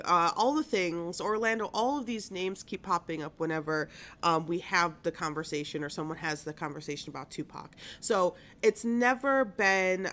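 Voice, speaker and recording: A woman's voice: on the low side, a bit bright. Woman in her 30s, stuffed up from allergies, chatting away on her live news show, bubbly. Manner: chatty, bubbly, lots of fillers. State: stuffy nose. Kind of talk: casual live-stream chat. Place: small home studio.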